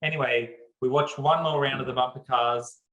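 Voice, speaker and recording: Man, 30s, podcast co-host, animated storytelling, laughs a lot, mid pitch. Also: moderate pace, echoey room, dull audio. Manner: animated storyteller, laughs often, acts out what others said. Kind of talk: casual storytelling chat.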